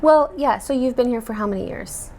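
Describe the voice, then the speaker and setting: An American woman hosting a casual interview, chatting in a relaxed, chatty way with plenty of fillers. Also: a little high, brisk, a little hiss or hum. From United States. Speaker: podcast host.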